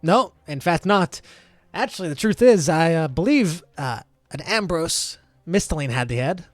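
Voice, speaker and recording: A man's voice: on the high side, animated, normal speed, no room sound, faint music behind, lightly acted. A man doing a giddy, whiny necromancer spirit. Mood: chatty. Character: panicky goofy male necromancer spirit.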